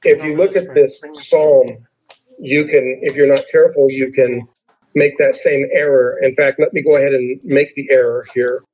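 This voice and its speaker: Husky male preacher teaching scripture. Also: mid-range voice, steady tone, muffled recording. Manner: conversational, explains and repeats points; slows down to read scripture with emphasis. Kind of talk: sermon, Bible teaching.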